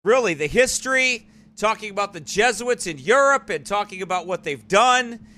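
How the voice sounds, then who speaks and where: A man's voice: sits high, lively intonation, moderate pace, pushed and bright. A man hosting a live church online broadcast, talking in a rambling, digressive way in casual commentary. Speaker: church livestream host.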